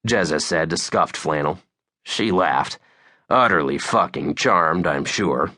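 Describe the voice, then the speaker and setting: A man's voice: deep voice, takes it slowly, sharp tone, no room sound, studio quality. A man narrating a novel in the first person with a wry, sardonic delivery. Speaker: audiobook narrator.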